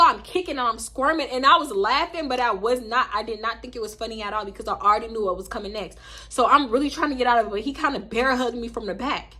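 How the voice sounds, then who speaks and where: A young woman with a Southern US accent rattles through a storytime vlog at a rapid clip. Her voice is bright and a little husky, and she jumps up high and squeaky whenever she acts out what people said. She talks casually and swears freely. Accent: Southern US, Houston. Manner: animated, profane, acts out quotes in a squeaky high voice. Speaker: storytime YouTuber.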